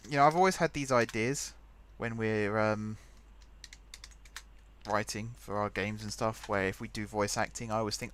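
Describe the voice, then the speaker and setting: A man's voice: on the low side, steady tone, moderate pace, a bit bright, slight background noise. A young man hosting a game let's play, rambling chattily and thinking aloud as he types. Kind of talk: casual gameplay commentary.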